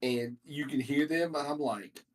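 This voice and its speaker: A man's voice: on the high side, unhurried, recorded from a distance. A man co-hosting a podcast in casual chat, rambling with hesitant restarts. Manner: rambling, hesitant, repeats words. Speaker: podcast co-host.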